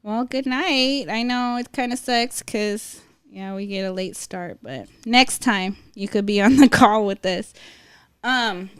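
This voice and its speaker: A young woman co-hosts a casual podcast in a clear, smooth voice. She talks loosely and fills her sentences with "like" and "you know.". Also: medium pitch, a little slow, no echo. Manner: loose, filler-heavy talk with lots of "like". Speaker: podcast co-host. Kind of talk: casual chat.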